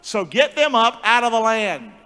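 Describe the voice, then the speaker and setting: A man's voice: extremely high pitch, sing-song, normal speed, heavily acted. A preacher playing a domineering ancient king in a ringing hall. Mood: alarmed, scheming. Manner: loud declaiming scripture reading. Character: domineering male Egyptian king, fearful and ruthless. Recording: long church hall reverb.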